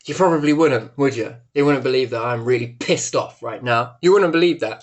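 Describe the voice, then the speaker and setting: A man's voice: medium pitch, fairly quick, few pauses. Rambling man in an echoey room. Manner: rambling, swings between muttering and loud exclamations. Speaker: vlogger. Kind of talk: casual vlog monologue.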